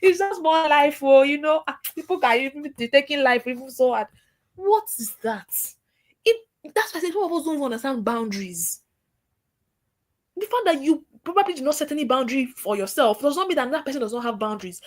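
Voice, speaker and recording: High-voiced woman lecturing. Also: a little fast. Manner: lively, scolding, acts out caller voices. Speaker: workshop trainer. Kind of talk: lecture to trainees.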